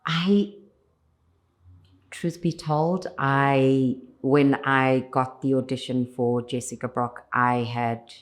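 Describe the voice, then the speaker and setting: A South African woman speaks in a very deep register for a woman, taking her time over each phrase. She sounds earnest and reflective, stacking repeated phrases one after another as an actress being interviewed. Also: steady tone, slow pace. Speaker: lead actress, interview guest. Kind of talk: interview answers.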